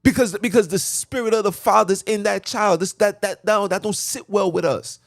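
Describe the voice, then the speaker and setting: A man's voice: high voice, fairly even intonation, moderate pace, vocal fry, no echo, clean studio sound. An agitated man ranting fervently from a car, preachy and repetitive as he hammers his points. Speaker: podcast host. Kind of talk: impassioned rant.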